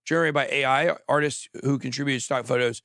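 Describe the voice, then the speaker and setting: A man hosting a casual crypto livestream, talking quickly and jokily, often trailing off mid-thought. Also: medium pitch, steady tone, creaky, a bit bright, no echo, studio quality. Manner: rambling, quick, jokey, trails off. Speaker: crypto show host.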